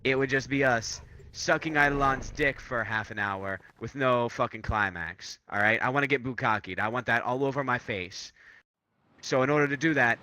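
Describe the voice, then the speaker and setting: A man co-hosting casual gaming commentary, joking crudely and rowdily with sudden loud outbursts. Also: on the low side, slight background noise. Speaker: gaming co-host.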